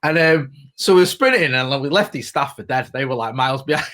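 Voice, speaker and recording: Fast-talking Manchester man telling stories. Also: medium pitch, expressive, a bit bright. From Greater Manchester, England. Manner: chatty storyteller, swears freely, laughs often. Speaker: podcast co-host, former reporter. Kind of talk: casual podcast chat.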